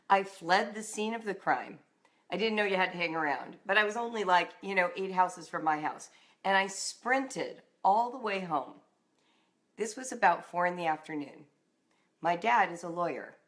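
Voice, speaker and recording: A middle-aged woman from Southern California, a writing and homeschooling coach, telling a personal story in an animated way and acting out voices. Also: lowish voice, moderate pace.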